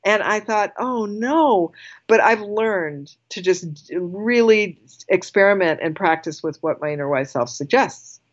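Chatting casually, a woman guest recounts something from her own life with lively energy, frequent laughter, and many restarted sentences. She speaks fairly low, and the recording is muffled.

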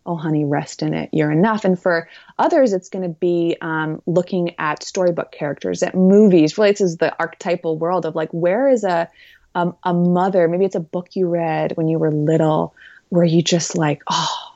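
A woman's voice: lowish voice, fairly even intonation, normal speed, darkish tone, no echo, highs cut off. A woman speaking as an interview guest, earnest and reflective, with many fillers. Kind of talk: conversational interview.

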